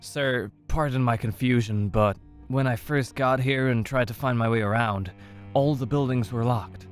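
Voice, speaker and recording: A man voicing a lost, agitated stranger in a horror story who speaks loudly and urgently. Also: mid-range voice, normal speed, clear, resonant tone, soft background music, pitched above the performer's own voice, close to an everyday voice. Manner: loud and urgent. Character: lost young man, agitated and pressing for answers.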